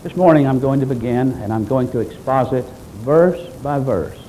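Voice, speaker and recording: Man, pastor, sermon, emphatic preaching, mellow tone, faint background noise. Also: medium pitch, normal speed, poor audio.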